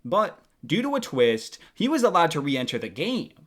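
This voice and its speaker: A young man hosting a video, reading a scripted countdown commentary in a lively, animated way. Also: fairly high pitch, moderate pace. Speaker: video host.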